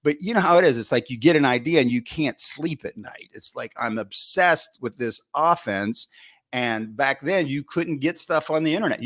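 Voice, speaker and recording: A middle-aged football coach, a podcast guest, telling coaching stories in an animated way and acting out his own past thoughts, with frequent restarts and "you know" fillers. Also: medium pitch. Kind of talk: storytelling in a podcast interview.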